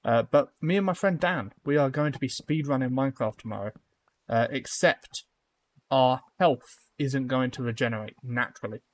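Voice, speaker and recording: A young man chats loosely with his viewers while he builds in a game on a live stream. He rambles, trails off and restarts often, with an everyday pitch that sits in the middle for a man. His talk stays relaxed and informal throughout. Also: normal speed. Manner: rambling, lots of fillers, talks to chat. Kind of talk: casual live-stream chat.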